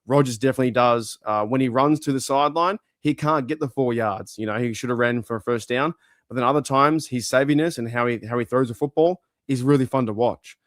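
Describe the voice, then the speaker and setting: Man, Australian-raised host, excitable casual chat, middle pitch, dry close sound. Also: fairly quick, no room sound. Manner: chatty and excitable, swears casually. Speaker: fan channel host. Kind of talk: casual live-stream chat.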